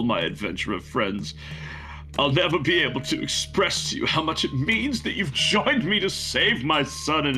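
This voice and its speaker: A man's voice: medium pitch, close to an everyday voice. A man voicing a pompous, self-loving paladin father who gives grandiose commands, with faint music behind.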